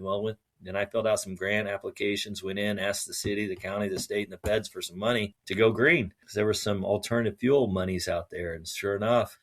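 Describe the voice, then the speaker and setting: Lively low-voiced man telling stories. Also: fast talker, few pauses. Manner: animated, acts out other people's lines in changed voices. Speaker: podcast guest. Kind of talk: conversational storytelling.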